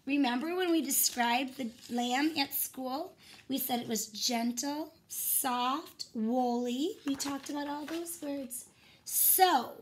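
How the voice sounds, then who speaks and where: A woman's voice: sits high, slow, slight background noise. Encouraging woman teacher reading to kids. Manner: warm, encouraging, talks straight to the children. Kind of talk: read-aloud phonics lesson for young children.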